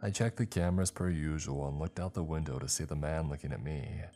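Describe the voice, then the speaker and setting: A man narrating a first-person horror story in steady storytelling, growing tense at the scary moments. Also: extremely low pitch, fairly quick.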